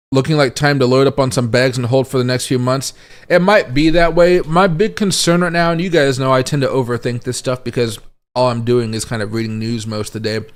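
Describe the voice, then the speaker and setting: A man giving casual, rambling livestream commentary on crypto charts, thinking aloud as he goes. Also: mid-range voice. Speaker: crypto market streamer.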